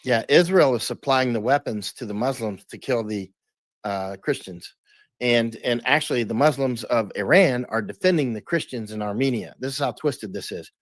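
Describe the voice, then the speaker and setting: A man's voice: mid-range voice, normal speed, no room sound. A man talking as an interview guest, emphatic, often restarting and repeating words. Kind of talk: casual interview talk.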